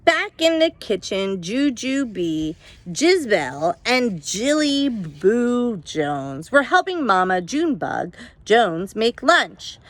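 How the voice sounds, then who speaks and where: A woman reading a children's picture book aloud at home, expressive and pausing to ask her listeners questions. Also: a little high, no echo. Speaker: storybook reader.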